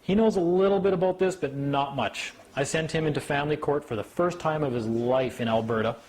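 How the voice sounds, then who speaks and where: Animated man telling stories to a group. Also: brisk. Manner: animated storyteller, mimics officials in a higher voice. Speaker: speaker. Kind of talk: casual talk to a small group.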